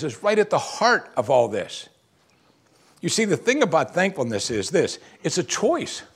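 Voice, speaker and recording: A man preaching a sermon, swinging from quiet low asides to loud emphatic exclamations. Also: slightly rough. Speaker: pastor.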